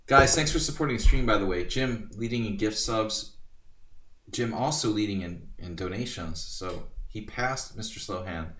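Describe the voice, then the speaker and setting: Low-voiced chatty streamer in a roomy space. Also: male voice, moderate pace, fairly bright tone, distant mic. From Hungary. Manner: chatty, self-deprecating, rambling asides to chat. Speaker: chess streamer. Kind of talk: casual live-stream chat while playing blitz. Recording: roomy echo, mic set back.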